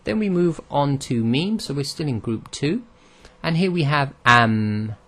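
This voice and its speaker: A man's voice: medium pitch, expressive, unhurried, a bit bright. Man patiently modeling Arabic letter sounds. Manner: patient, explains step by step and models each sound aloud. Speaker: Arabic pronunciation teacher. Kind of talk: recorded pronunciation lesson.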